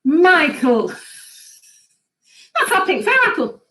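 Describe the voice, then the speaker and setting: A woman's voice: sits high, big pitch swings, slow, fairly bright tone, poor audio. A woman hosting a gardening live chat, chatting casually and laughing often as she reads viewer comments aloud.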